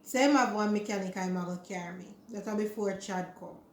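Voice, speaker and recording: A woman's voice: medium pitch, fairly quick, slight background noise. Jamaican woman telling a story in an echoey room. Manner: chatty, animated retelling in Jamaican Creole. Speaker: vlogger. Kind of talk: casual storytelling chat.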